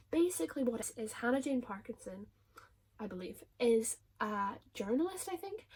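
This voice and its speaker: A woman reviewing her favourite books in a casual vlog, gushing and emotional, often dropping into a soft whisper. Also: fairly high pitch, a little hiss or hum. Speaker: book reviewer.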